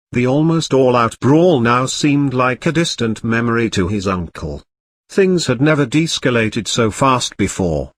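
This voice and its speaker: Male reader for a comic audiobook, animated and wry, recorded dry. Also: medium pitch, no room sound. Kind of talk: comic storybook narration.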